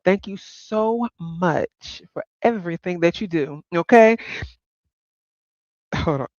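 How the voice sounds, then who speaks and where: A woman's voice: lowish voice, lively intonation, slow pace, a little mellow, no room sound, muffled recording. A woman hosting a casual livestream chat, talking to viewers by name and laughing often. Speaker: livestream host.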